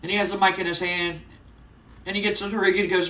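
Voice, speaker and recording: In this casual let's-play, a man chattily and quickly runs through the results and storylines of his wrestling management game. He sounds high-pitched, bright and forceful with a level tone, and he's far from the mic in a roomy recording.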